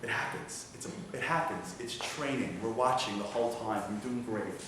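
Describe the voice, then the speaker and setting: A man voicing a calm, stern army commander who speaks low and steady, heard from far off in an echoey hall. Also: fast talker, noisy background, natural voice.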